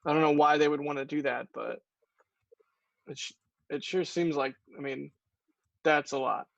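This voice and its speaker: A man co-hosts a late-night livestream in casual, musing tones and drifts easily into personal stories. His voice is gravelly and sits a little high. It comes through a dull, lo-fi remote line with a completely dry sound. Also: steady tone, normal speed, fairly bright tone, no echo. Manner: musing, storytelling, trailing off. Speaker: livestream co-host.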